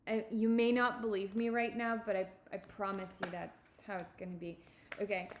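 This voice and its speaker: A woman giving a tarot reading, speaking in a halting, reassuring way and often repeating her words. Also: mid-range voice, little pitch movement. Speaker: tarot reader.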